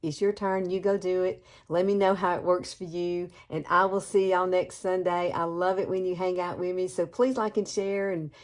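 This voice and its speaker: Woman, Alabama Southern accent, fifties, folksy chatty makeup tutorial, lowish voice. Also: flat delivery, normal speed, few pauses. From Alabama, USA. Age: 50s. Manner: folksy, chatty, calls viewers girl. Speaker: beauty vlogger.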